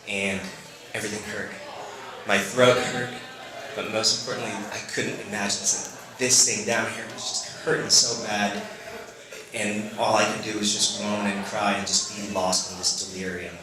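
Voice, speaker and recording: Halting man in an echoey hall. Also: lowish voice. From Philippines. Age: late 30s. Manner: halting, leans on "you know" fillers. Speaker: storyteller. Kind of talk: live personal storytelling. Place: stage before a live audience. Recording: very echoey room with audience.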